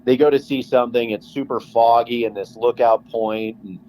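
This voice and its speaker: A man's voice: medium pitch, moderate pace, slight background noise, poor audio. A man co-hosting a podcast, chatting casually and telling stories with lots of energy and easy swearing. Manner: animated storyteller, swearing casually. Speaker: podcast co-host. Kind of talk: casual chat.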